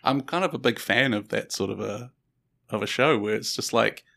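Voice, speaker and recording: A man with a New Zealand accent, speaking as a guest on a casual podcast. His voice sits low and has a gravelly edge, and his delivery stays relaxed and thoughtful. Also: normal speed. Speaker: animator guest. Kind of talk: casual chat.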